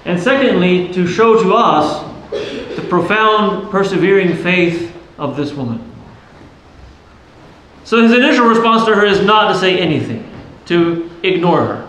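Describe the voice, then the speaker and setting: Man preaching in a church, high voice, tons of echo, keeps asking the congregation questions. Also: animated, unhurried, fairly bright tone. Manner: earnest, questioning, explanatory preaching. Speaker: priest. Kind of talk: sermon. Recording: very echoey church with faint noise.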